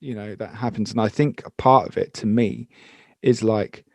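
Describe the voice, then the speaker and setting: A man from Brighton hosting a podcast, chatting loosely and swearing freely. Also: on the low side, steady tone, normal speed, gravelly, dry recording. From Brighton, England. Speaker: podcast host. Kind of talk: casual interview chat.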